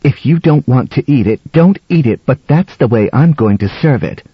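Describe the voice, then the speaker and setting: A man voicing an insistent, sharp-tongued wife hosting a dinner, in a dull, dry audiobook recording. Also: medium pitch, lively intonation, normal speed, slightly rough, no echo, voice pushed up.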